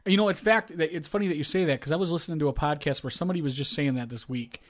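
A man's voice: on the high side, very fast. A man co-hosting a casual comedy podcast, teasing and prodding his co-host along.

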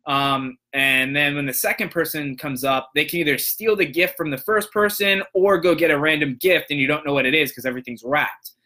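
A young man hosting a show, casually telling a long story and acting out the people in it with lively voices. His voice is bright and a little high for a man. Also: brisk, few pauses. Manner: animated, acts out voices in quotes. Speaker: podcast host, motivational speaker.

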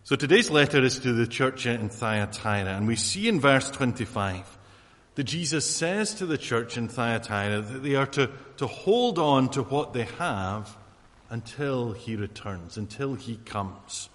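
A man's voice: mid-range voice, animated, a little slow, a bit bright. Man preaching in an echoing hall. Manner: conversational, with fillers and asides. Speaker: pastor. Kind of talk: sermon. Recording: long hall reverb.

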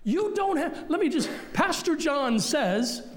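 A middle-aged man preaching a sermon as pastor in a church, blunt and forceful with repeated punchlines. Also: very high-pitched, very animated, slow. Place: church sanctuary.

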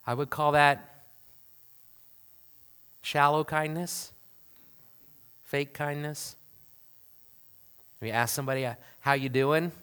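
A man, a pastor, preaching a conversational sermon full of rhetorical questions, swinging from loud emphasis to hushed asides. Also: on the high side, fairly even intonation, slow pace, long pauses, clean tone.

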